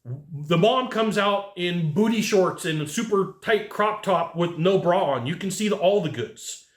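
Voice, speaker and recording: A man giving casual advice to HVAC technicians, telling lively work stories and acting out what people said. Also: high-pitched, a little slow, reverberant. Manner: animated storyteller who acts out quotes. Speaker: HVAC sales trainer.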